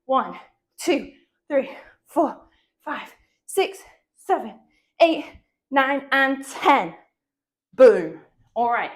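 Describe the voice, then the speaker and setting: A fitness instructor with a cold coaches a dumbbell workout, a slight cough in her high-pitched, animated voice. She goes at a slow pace, pauses often, counts upbeat, and laughs frequently.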